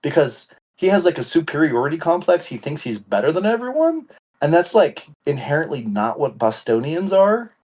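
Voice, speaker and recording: A man's voice: fairly high pitch, very animated, moderate pace, darkish tone. Playfully ranting man in his forties. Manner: playful mock-indignant ranting. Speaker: podcast co-host. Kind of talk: casual chat.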